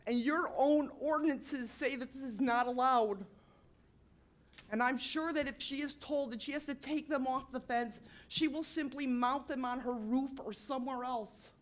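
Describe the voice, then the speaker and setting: A woman's voice: sits high, normal speed. Upset woman addressing a village council. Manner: upset, insistent, repeatedly apologizing for being upset. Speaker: resident speaking at public comment. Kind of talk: public comment at a council meeting.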